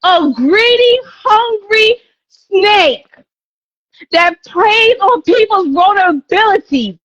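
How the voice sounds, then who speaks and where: A woman's voice: very high voice, animated, slow, fairly bright tone, dry recording, highs cut off. A woman live-streaming a heated rant, confrontational and profane, hammering her points by repeating them.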